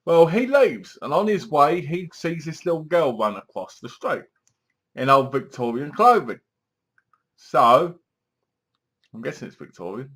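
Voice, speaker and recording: A man's voice: on the high side, expressive, unhurried, pauses often, a bit bright, slightly rough. A man giving a casual, rambling film review, leaning on filler words and restarts.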